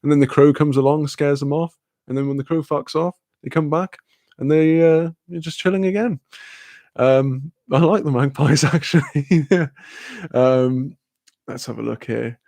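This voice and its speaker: A man's voice: fairly high pitch, fairly even intonation, moderate pace, darkish tone, no echo. Laid-back Welsh man chatting on stream. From Wales. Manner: laid-back, swears freely, laughs often, reads chat aloud. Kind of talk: casual live-stream chat.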